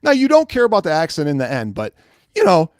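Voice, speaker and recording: A man hosting a casual movie review chat, talking in an animated, emphatic way and often repeating himself. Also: fairly high pitch, quick pace, no room sound, clean studio sound. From Italian heritage. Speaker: host.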